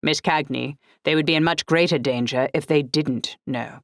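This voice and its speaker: A woman voicing a formal, precise older man who speaks in clipped, measured sentences. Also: sits low, dry recording. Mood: urgent. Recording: dry close audiobook recording.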